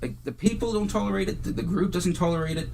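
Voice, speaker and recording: A man's voice: high voice, fast, vocal fry, darkish tone. Rambling man with faint background noise. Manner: rambling, full of fillers and restarts. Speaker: podcast co-host. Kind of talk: casual chat.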